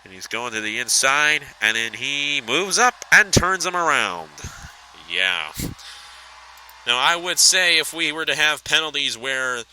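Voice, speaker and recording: A man giving sim racing play-by-play in a very bright, sharp voice that sits a little high. He is excitable and climbs even higher in tense moments, then settles into chatty replay talk. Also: a little slow, a little hiss or hum, low-quality recording. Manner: excitable, pitch shooting up at close racing. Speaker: race commentator.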